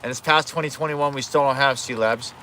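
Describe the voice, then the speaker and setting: Bright-voiced rambling male streamer. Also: mid-range voice, fairly even intonation, fairly quick, a little hiss or hum. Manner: rambling, self-correcting, swears. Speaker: livestreamer. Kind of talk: casual livestream chat. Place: outdoors at home.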